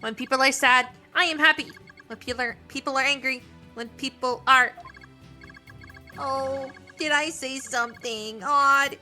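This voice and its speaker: A woman voicing a cheerful male helper robot that starts to glitch, reading his lines in a stilted, flat way. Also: high-pitched, unhurried, soft background music, full character voice. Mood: glitchy.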